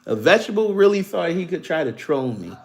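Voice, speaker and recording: A man's voice: a little high, big pitch swings, brisk, vocal fry. A man hosting a livestream, giving casual political commentary and mocking commenters in a vernacular American accent. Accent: African American Vernacular English. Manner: mocking, trash-talking commenters, laughing. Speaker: livestream host.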